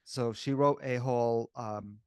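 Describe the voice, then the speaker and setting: A man's voice: medium pitch, fairly even intonation, unhurried, smooth, dry recording, studio quality. A man co-hosting a podcast, talking casually and candidly and calling the other host "bro" and "dude".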